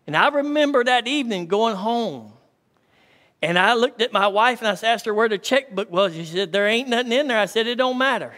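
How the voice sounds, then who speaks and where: A man's voice: high-pitched, lively intonation, a little fast, bright, forceful tone. A man, a pastor preaching a sermon in a folksy storytelling way and calling out to his congregation. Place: church hall. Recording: long church hall reverb.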